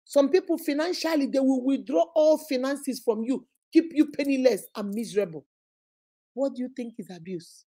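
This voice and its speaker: A woman's voice: sits high, moderate pace, dark tone. A woman with a Nigerian accent hosting a relationship advice livestream, speaking emphatically and preaching directly to her viewers.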